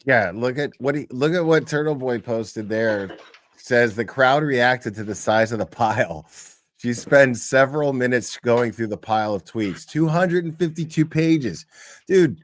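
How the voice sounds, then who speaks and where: Speaking at a measured pace with a medium-pitched voice and lively intonation, this man hosts a casual, profane reaction show. He's blunt, swears heavily, and rambles with plenty of fillers.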